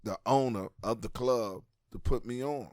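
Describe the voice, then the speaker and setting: Profane storytelling comedian, dry sound. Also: male voice, medium pitch, normal speed, a little mellow, no echo. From United States. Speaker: comedian guest. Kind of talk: casual storytelling interview.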